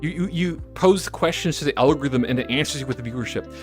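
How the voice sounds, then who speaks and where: A woman's voice: sits low, fast, a little mellow, faint music behind. A woman streamer chatting casually on a live stream, reading chat messages aloud with frequent giggles and self-correcting asides. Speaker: VTuber streamer.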